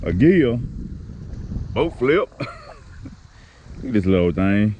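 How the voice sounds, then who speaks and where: A man giving excitable running commentary to his viewers while fishing at a pond outdoors, even talking to the fish he catches. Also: fairly low pitch, extremely slow, muffled recording, a little hiss or hum. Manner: chatty, excitable, talks to the fish. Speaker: fishing vlogger.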